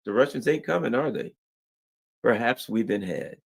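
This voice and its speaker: A man's voice: medium pitch, expressive, normal speed, vocal fry, slightly rough. A man in a heated political discussion, talking in an indignant, sarcastic and emphatic way.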